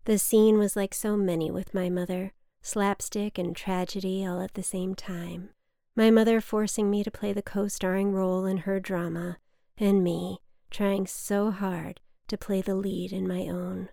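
Woman, memoir reading, measured, wry, gravelly voice, dry close mic. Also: medium pitch, level tone, mellow, no echo. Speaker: memoir narrator. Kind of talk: reading a personal story aloud.

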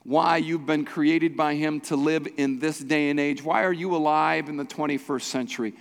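High-voiced pastor preaching in a reverberant hall. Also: male voice, steady tone, normal speed, creaky. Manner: urgent, exhorting, repetitive emphasis. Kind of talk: sermon.

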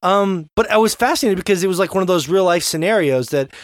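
A young adult man co-hosting a podcast, telling a story in an animated, casual way and swearing now and then. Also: high-pitched, fast, a little hiss or hum. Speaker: podcast co-host. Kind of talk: casual chat.

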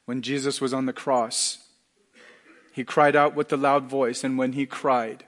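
A middle-aged male pastor preaching a sermon earnestly, dropping to a hush and then rising to loud emphatic lines. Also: mid-range voice, little pitch movement, measured pace, big-room sound.

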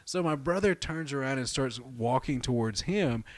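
A man's voice: medium pitch, normal speed, no room sound. A middle-aged man, casually telling a story on a podcast, acting out quotes and swearing freely. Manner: animated storyteller, acts out quotes, laughs often, swears freely.

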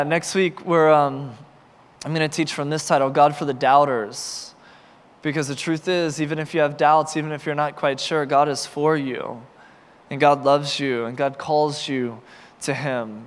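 A man's voice: on the high side, big-room sound. A man preaching a sermon as pastor, telling stories and acting out both sides of conversations. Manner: animated, acts out dialogue in raised voice. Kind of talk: sermon with storytelling. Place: large concert venue used as church.

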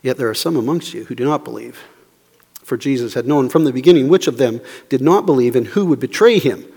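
A man preaching a sermon as pastor, swinging between hushed low asides and fervent raised passages, with emphatic rhetorical questions. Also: a little fast, breathy edge. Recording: long reverb of a large hall.

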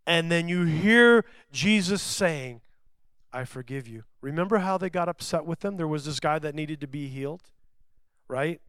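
A man preaching a sermon to a congregation, swinging between loud emphatic lines and hushed, slow ones, and putting questions to his listeners. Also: a little high, clean tone, no room sound, clean studio sound. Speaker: pastor. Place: church service before a congregation.

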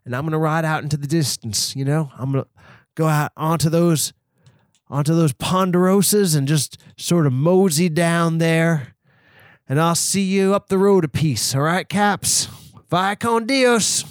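A man's voice: fairly high pitch, unhurried, dry recording, studio quality, voice pushed up, natural voice. A man putting on a cowboy voice, a folksy drawling judge saying his farewells in a comedy sketch.

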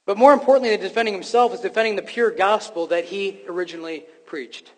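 An emphatic man preaching, his voice pitched high and full of restarts and fillers as he presses his point. His voice rings out with the long reverb of a large hall. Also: fast. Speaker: pastor. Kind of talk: sermon.

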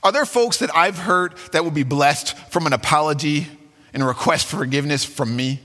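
A pastor delivers a sermon with animated energy, his fairly high, bright voice leaping up and down as he acts out quotes. The sound rings with a long hall reverb behind him. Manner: animated, dramatic, with acted-out quotes and sudden pitch swings.

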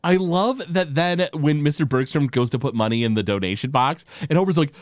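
A man co-hosting a casual podcast, retelling cartoon scenes with lots of fillers and quick impressions. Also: a little high, animated, no echo, clean studio sound. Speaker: podcast co-host. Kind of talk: casual chat recapping a cartoon episode.

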